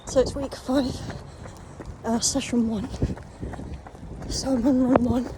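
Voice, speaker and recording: A woman's voice: a little high, little pitch movement, takes it slowly. A young woman chatting casually about her running while out on a run, a little out of breath. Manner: chatty, upbeat, informal. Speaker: vlogger. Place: outdoors on runs. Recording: noisy outdoor phone recording.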